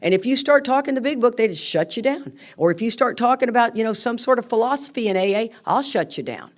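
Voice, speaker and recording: Addressing a recovery meeting, this older woman is frank and lively, talking fast in a slightly high voice. She reads quotes aloud and performs the characters from her stories.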